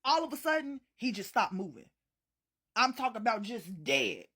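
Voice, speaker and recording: A woman's voice: fairly high pitch, very animated, moderate pace, noisy background. A woman telling a wild story in a casual, profane, dramatic way. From Chicago.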